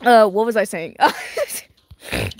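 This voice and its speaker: A woman chatting casually while playing a game, rambling with lots of "like" and quick restarts, often giggling. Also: mid-range voice, huge pitch swings, gravelly, no room sound, studio quality. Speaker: gaming video creator.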